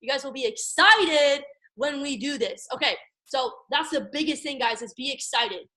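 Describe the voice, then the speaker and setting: A young woman from Maryland giving an energetic motivational coaching talk, repeating "guys" and "okay" and acting out phone calls. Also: sits high, moderate pace, rough recording. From Maryland, USA. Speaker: network marketing team leader.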